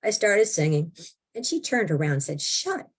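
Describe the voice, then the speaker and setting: Animated older woman telling her story. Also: lowish voice, fairly quick, breathy edge. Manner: animated, expressive, acts out her own thoughts. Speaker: interview guest. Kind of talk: emotional personal storytelling.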